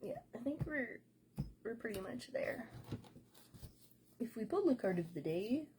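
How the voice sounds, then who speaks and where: A woman hosting a casual tarot reading chat, unhurried and rambling, with a lot of fillers. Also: fairly high pitch, sing-song, a little mellow, a little hiss or hum. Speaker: tarot reader and host.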